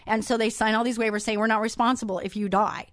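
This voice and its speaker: A woman radio host chatting through a personal story in a lively, animated way, acting out the lines of the people in it. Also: a little high, fast, no echo, studio quality. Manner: chatty, animated retelling with quoted dialogue. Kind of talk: casual storytelling monologue.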